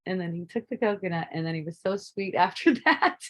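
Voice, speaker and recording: A woman casually telling a personal story, relaxed and rambling, laughing often. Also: fairly low pitch, brisk, low-quality recording. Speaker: spiritual teacher.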